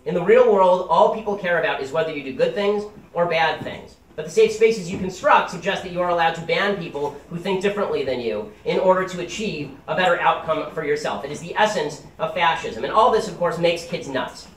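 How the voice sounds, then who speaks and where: Rapid, combative young man in a roomy hall. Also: a little high, slight background noise. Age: young adult. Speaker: campus speaker. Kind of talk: political speech to a live audience. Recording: roomy hall, mic at a distance.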